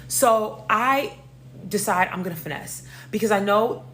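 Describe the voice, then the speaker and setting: Animated young New woman telling a story. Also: medium pitch, measured pace, a little hiss or hum. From New York. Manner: animated, slangy and profane, addressing listeners as y'all. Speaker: storyteller host. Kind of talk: casual storytime vlog.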